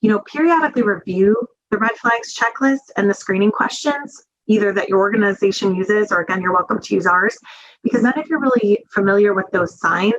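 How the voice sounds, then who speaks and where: Over a video call, a woman with a mid-range voice gives a webinar training talk. She sounds earnest and conversational, using lots of fillers, and the audio is dull.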